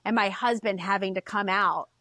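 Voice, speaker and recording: Animated woman telling a story. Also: mid-range voice, normal speed, no echo. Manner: animated storyteller, swears, acts out quoted voices. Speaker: podcast guest. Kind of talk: casual storytelling chat.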